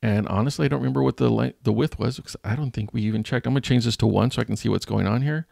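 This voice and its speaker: A man's voice: mid-range voice, rapid-fire, creaky, darkish tone, no echo, clean studio sound. A man who teaches, talking through a screen-recorded design tutorial in a jokey, self-mocking way while he thinks aloud. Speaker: teacher and channel host.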